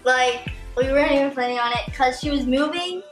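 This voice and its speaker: A woman's voice: sits high, roomy sound, soft background music. A young woman vlogger telling a story with her mother in casual chat, often chiming in with "like". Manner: chatty, quick to chime in with "like". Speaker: vlogger, daughter.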